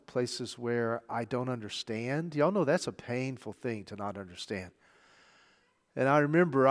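A middle-aged man preaching a sermon, telling a story conversationally and moving between hushed and loud delivery. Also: medium pitch. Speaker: pastor. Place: church sanctuary. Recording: long church hall reverb.

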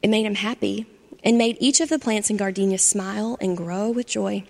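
Gravelly woman reading a children's story. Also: medium pitch, moderate pace. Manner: expressive children's-story narration. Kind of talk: storybook read-aloud. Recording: long hall reverb.

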